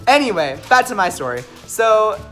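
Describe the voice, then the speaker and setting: A young man casually telling a story on a vlog, animated, joking and swearing freely. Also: high-pitched, normal speed, soft background music. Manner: animated, profane, jokey.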